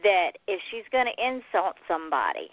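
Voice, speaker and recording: A woman with a Southern US accent, hosting a radio interview in a chatty, animated way. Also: on the low side, normal speed, dry recording. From American South. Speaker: radio show host. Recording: phone-like line.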